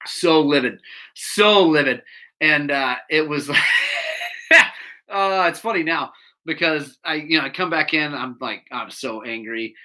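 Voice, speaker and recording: A man's voice: fairly high pitch, a little slow, long pauses. A man who runs a bike shop, telling a rambling anecdote to his audience. He laughs often and interrupts himself. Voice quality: laughs often while telling stories, bleeps his own swearing. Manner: animated, rambling, self-interrupting anecdote teller. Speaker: bike shop owner and show host. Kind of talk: casual storytelling to a live audience.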